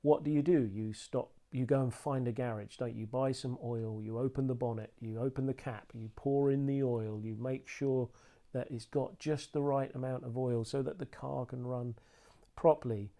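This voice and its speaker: A man giving an earnest sermon, slowing down to read scripture aloud. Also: mid-range voice, steady tone, dark tone. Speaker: preacher.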